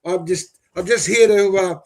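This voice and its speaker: A man's voice: sits high, normal speed. A man co-hosting a football podcast, telling a crude joke to entertain. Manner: storytelling, cheerful. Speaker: podcast co-host.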